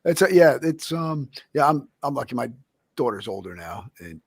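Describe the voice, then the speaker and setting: A man's voice: medium pitch, sing-song, moderate pace, husky, no echo, studio quality. A man hosting a podcast, talking in an upbeat, motivational way. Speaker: host. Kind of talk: casual podcast interview.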